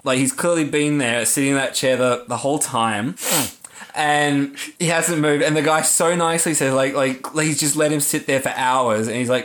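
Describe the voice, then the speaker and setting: A man's voice: on the high side, fairly quick, fairly bright tone. A young man in casual podcast chat, telling a story in a rambling way with lots of fillers and some swearing. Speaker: podcast co-host.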